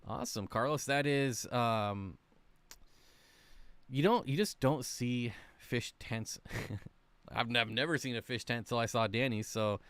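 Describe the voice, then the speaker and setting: A man chatting casually on a livestream, rambling along with plenty of ums and uhs as he answers viewer comments. His voice is smooth and clean, recorded close and dry with no room sound. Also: mid-range voice, a little slow, pauses often, a bit bright, no echo. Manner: chatty, rambling, self-deprecating, frequent fillers. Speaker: aquarium channel host.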